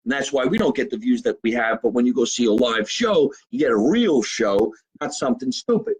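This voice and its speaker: A man's voice: medium pitch, lively intonation, brisk, breathy edge, poor audio. A middle-aged man, a comedian hosting his own live show from a home basement, talking casually, swearing, and plugging his channels. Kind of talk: casual live-stream monologue.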